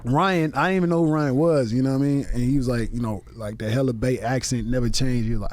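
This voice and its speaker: A man spins a long, profane story as a comedian guest on a podcast, slipping into other people's voices as he goes. His voice sits at a medium pitch and talks in a loose, casual way. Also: fast talker, hardly any pauses. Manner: animated, profane anecdote telling with quoted voices. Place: podcast studio.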